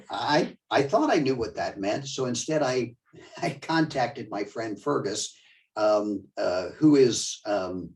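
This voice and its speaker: An older man giving a conversational, digressive museum talk with slides, often halting mid-sentence. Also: medium pitch, darkish tone, distant mic, rough recording. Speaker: museum lecturer. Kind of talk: slide-show history talk.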